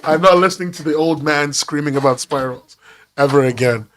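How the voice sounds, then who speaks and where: A man's voice: on the high side, a little fast, fairly bright tone, a little hiss or hum. A man streaming while he draws, chatting casually in a neutral northeastern American accent, rambling and teasing. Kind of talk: casual chat while drawing.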